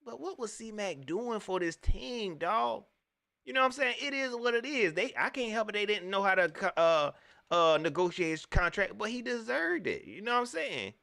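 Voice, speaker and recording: A man from the States, giving an animated, preachy fan rant that repeats its points in slangy talk. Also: high voice, normal speed, vocal fry. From Southern United States. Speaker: sports vlogger, fan commentator. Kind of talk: ranting fan commentary.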